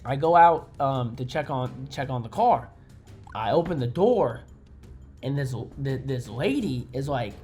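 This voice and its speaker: A young man vlogging a casual storytime, excitable and profane, making crash noises with his mouth. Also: mid-range voice, measured pace, breathy edge, soft background music.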